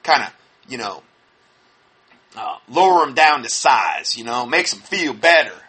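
A man with a husky edge and a forceful, bright voice picks apart a preacher's claims. He scoffs and sounds indignant, with a lively, swooping pitch and a slightly high voice for a man. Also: measured pace. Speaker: religious commentator. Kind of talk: critical commentary on a preacher.

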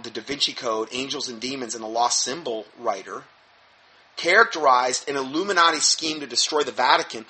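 A man's voice: medium pitch, a little fast, pushed and bright. A man reading aloud from an article and breaking in with sarcastic, mocking commentary, often repeating and restarting words.

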